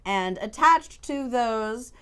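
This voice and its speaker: A woman narrating a tabletop game as game master, in halting, measured sentences with fillers. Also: fairly high pitch, expressive, fairly bright tone, clear, resonant tone.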